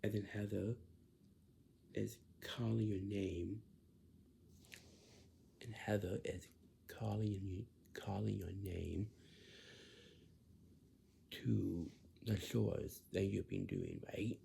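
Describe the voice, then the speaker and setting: A man's voice: fairly low pitch, steady tone, gravelly, mellow, slight background noise. A man in a casual spoken explanation who repeats himself, halts often and slips into whispers now and then. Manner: repetitive, halting, drifts into whispers.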